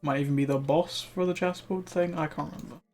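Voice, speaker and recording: A man's voice: fairly high pitch, fairly even intonation, a little fast, darkish tone, soft background music. A man giving casual, chatty commentary while he plays a game live, swearing freely and sounding a little worn, as he is losing his voice. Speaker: game streamer.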